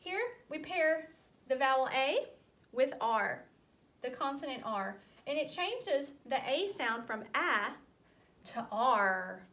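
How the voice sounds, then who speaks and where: A young adult woman teaching a phonics lesson to young children, sounding out letters slowly and clearly and gently encouraging them. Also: sits high, big pitch swings.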